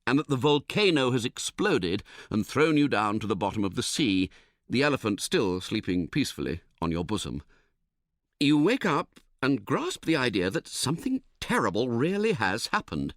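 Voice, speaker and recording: A man narrating an audiobook in a wry, animated storytelling manner. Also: medium pitch, dry recording, studio quality. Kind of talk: scripted narration.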